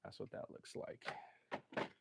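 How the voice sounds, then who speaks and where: A middle-aged livestream host from Southern California talks slowly against a noisy background. He cooks in his home kitchen while chatting in a loose, rambling, jokey way.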